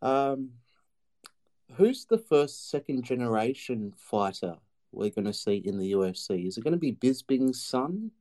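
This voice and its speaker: A man's voice: medium pitch, very animated, unhurried, mellow. A man with an Australian accent calling in to a talk show, friendly and chatty. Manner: friendly, chatty, says mate a lot. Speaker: caller.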